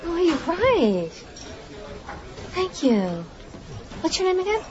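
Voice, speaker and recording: A woman's voice: very high-pitched, sing-song, slow, very noisy, heavily acted. An actress playing a self-assured female soap-opera star who talks in a theatrical, coaching way. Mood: wistful. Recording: dull TV audio with studio audience laughter.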